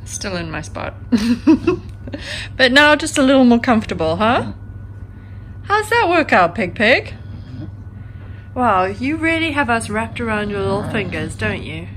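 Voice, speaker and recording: Doting woman vlogger, sing-song baby talk, slow and lively. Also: on the high side, slight background noise. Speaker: vlog host, dog owner. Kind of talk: casual vlog chat. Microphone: handheld camera.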